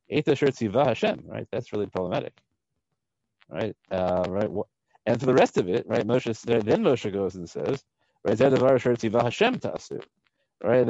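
Animated man teaching a text, checking "right?". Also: mid-range voice, no echo, lo-fi sound. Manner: reads Hebrew verses and translates them. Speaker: Torah teacher. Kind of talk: text study lesson.

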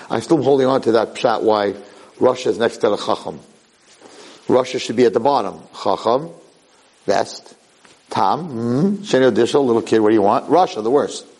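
A man's voice: medium pitch, slightly rough, poor audio. A man giving a Torah lecture, telling stories and acting out the voices in them. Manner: animated storytelling, acting out voices. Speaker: rabbi lecturer.

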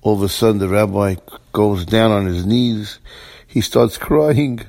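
A man telling a story with lively, animated voices for each character. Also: lowish voice, a little slow, gravelly. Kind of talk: storytelling, acting out dialogue.

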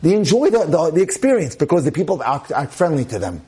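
Male rabbi, fairly high-pitched, giving a Torah class on relationships in an emphatic style. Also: very animated, fast, warm tone, a little hiss or hum. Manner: emphatic, repeats phrases for stress, drops in Hebrew terms. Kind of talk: relationship lecture.

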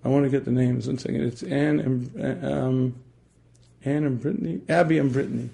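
A man teaching a religious class who often clears his throat and asks his listeners questions. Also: medium pitch, fairly even intonation, normal speed, dark tone.

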